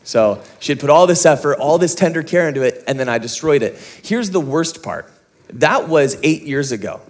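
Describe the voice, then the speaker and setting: A young adult man preaching a sermon in a conversational, self-mocking storytelling way, with quick asides. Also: a little high, lively intonation. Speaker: pastor.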